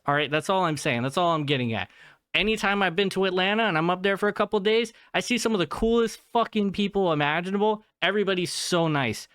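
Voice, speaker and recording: A man's voice: high voice, fairly bright tone, clean tone, dry recording, clean studio sound. A young man hosting his own podcast, ranting in a heated, profane way and tagging his points with "okay?". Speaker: podcast host. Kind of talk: solo podcast rant. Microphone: podcast mic.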